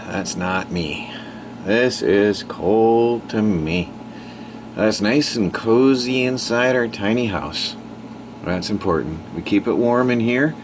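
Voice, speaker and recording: Background noise fills this handheld-camera recording of a man vlogging outdoors on his snowy homestead. His voice is fairly low, and his rambling, casual narration is sometimes broken by breathlessness from the cold and hauling firewood.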